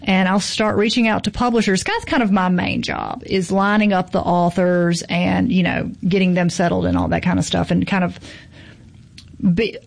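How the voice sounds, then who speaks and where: A woman's voice: lowish voice, steady tone, normal speed, creaky. Woman, book festival organizer; chatty storyteller in casual conversation. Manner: chatty storyteller, acts out quoted voices. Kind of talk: casual chat.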